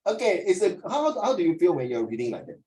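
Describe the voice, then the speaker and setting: Animated, teasing male teacher with a Singaporean accent. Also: high voice, fast talker. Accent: Singaporean English. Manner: animated, teasing, repeats words. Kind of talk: classroom teaching.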